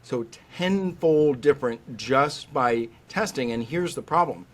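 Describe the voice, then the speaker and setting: Unhurried and mid-range in pitch, a middle-aged veterinary specialist speaks as a podcast guest in an interview. His storytelling is animated, complete with acted-out voices of the people he quotes.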